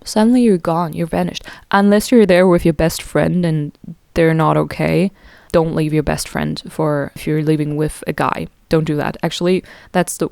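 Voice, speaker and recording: A woman's voice: deep voice, a little mellow, clear, resonant tone, no room sound, clean studio sound. A young woman hosting a podcast, talking in a casual, playful and self-mocking way. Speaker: podcast host. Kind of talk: casual monologue.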